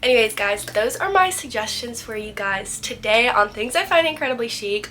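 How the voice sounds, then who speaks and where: A woman's voice: on the high side, animated, normal speed, few pauses, sharp tone. A young woman vlogging in a casual, chatty way, filling her speech with "like", and sounding congested from a cold. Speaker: lifestyle vlogger. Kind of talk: casual chat.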